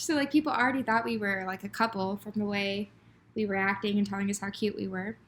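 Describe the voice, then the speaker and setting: A woman's voice: mid-range voice, fairly even intonation, fast, a bit bright, slight background noise. Giggly young woman gushing about a date. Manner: gushing, giggly, heavy use of "like". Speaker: podcast co-host. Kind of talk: casual storytelling chat.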